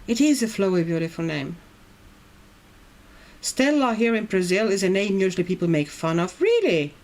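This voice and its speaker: A woman's voice: mid-range voice, normal speed, darkish tone. Chatty woman coloring on a livestream. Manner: chatty, reads viewer comments aloud and muses. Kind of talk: casual chat while coloring. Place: at home in Brazil.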